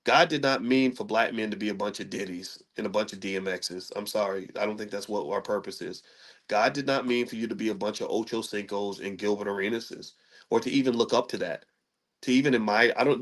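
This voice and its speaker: A man's voice: fairly low pitch, fairly quick. A middle-aged man hosting his own channel, telling a story in a casual monologue to camera. He stammers and repeats words, and he pokes fun at himself. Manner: self-mocking and humorous. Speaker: commentator and channel host.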